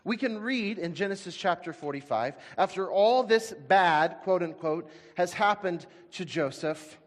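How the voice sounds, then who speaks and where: A high-pitched man delivers a Sunday sermon with fervent, emphatic swings between loud declarations and quiet asides. His voice carries a long reverb from a large sanctuary, picked up on a stage mic. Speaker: pastor. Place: church sanctuary.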